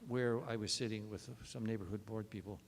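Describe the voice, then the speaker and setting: A man, a state legislator, rebutting in floor debate with an animated, anecdotal style. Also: on the low side, a little fast. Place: large legislative chamber. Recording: long chamber reverb.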